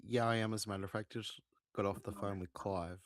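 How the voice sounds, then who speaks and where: A man's voice: lowish voice, steady tone, a little fast. A man in casual political chat, teasing in a mock-formal bantering way.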